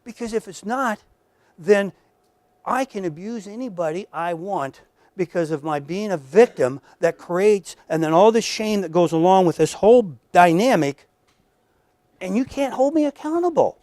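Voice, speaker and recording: A man's voice: high voice, moderate pace, a little mellow, dry recording. A man lecturing at a workshop in a conversational, emphatic way, often repeating words and speaking straight to his audience. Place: lecture room.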